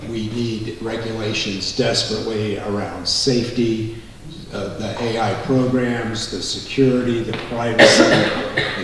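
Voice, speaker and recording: A man, a congressional candidate, giving a measured, policy-focused answer at a forum. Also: on the low side. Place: large echoey hall. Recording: echoey hall, voice from far off, faint noise.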